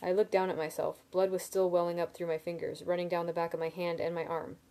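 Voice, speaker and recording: A woman reading a novel aloud in steady first-person narration, with small slips and restarts. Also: on the low side, fast. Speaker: reader.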